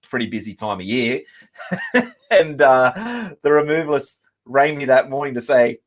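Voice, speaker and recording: A man's voice: mid-range voice, moderate pace. A man in his thirties with an Australian accent, hosting a casual chat and rambling through stories with fillers and laughs. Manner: rambling storyteller with many ums and laughs. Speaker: musician and show host.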